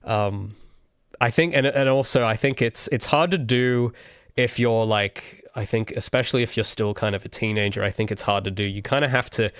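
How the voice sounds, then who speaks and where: A man's voice: mid-range voice, fairly bright tone, clear, resonant tone, no echo, studio quality. A young adult man hosting a casual livestream Q&A, rambling and thinking aloud with many restarts. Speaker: solo game developer streamer.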